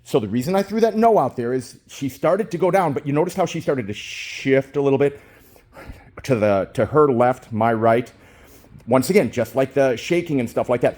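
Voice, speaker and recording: A dog trainer in his fifties narrates a training session with a phone held in his hand. He gushes with praise, slips into baby talk with the dog and gives crisp, short commands, his voice on the high side, sing-song, a little mellow and at normal speed.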